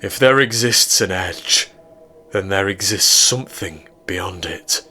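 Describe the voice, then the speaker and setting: Dude voicing arrogant know-it-all scientist, pompous and loud. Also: male voice, deep voice, takes it slowly, faint music behind, exaggerated voice. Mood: lofty. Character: arrogant, volatile older male scientist.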